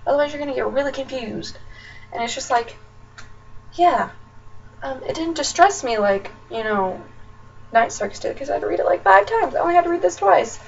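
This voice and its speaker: This Nebraska book vlogger, a young woman, rants chattily and casually, using plenty of fillers. She speaks fairly quickly in a high-pitched, animated, gravelly voice, recorded as distant, dull webcam audio with faint noise.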